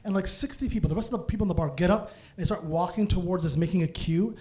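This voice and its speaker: A man from Canada tells a long comic story on a club stage, animated and quick to laugh through his punchlines. His voice sits high for a man. He speaks into a handheld stage mic. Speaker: stand-up comedian. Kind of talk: stand-up storytelling.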